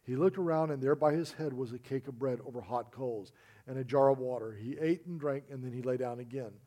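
Mellow-voiced man preaching a sermon. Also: medium pitch, fairly quick. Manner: earnest storytelling, quoting others in dialogue. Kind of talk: sermon with scripture reading.

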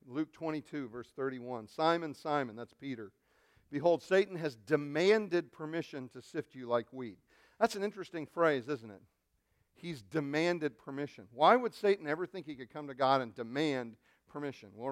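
A man's voice: fairly high pitch, expressive, a little fast, dry recording. A man preaching a sermon as a pastor, speaking animatedly, addressing the congregation directly and acting out quotes.

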